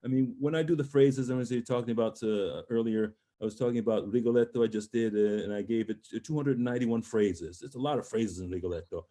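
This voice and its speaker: A middle-aged man coaching a singer over a video call, his voice mellow and warm in tone. He talks through phrasing in an encouraging way and now and then sings a short line to show it. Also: mid-range voice, a little fast, few pauses. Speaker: voice teacher giving a master class. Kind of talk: online master class coaching.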